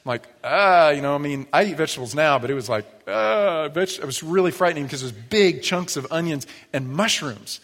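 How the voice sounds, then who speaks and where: A pastor giving a sermon, telling stories in a lively, conversational way. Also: male voice, fairly high pitch, fast talker, hardly any pauses. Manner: storytelling, animated, acts out quoted voices. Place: church sanctuary. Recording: long church reverb.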